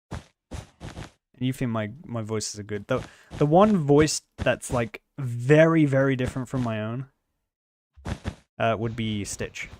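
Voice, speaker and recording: A man's voice: mid-range voice, a little hiss or hum. A man chatting casually on a live stream, rambling and trailing off, with a quirky way of talking. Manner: rambling, trails off and restarts often; talks with many quirks, by his own account.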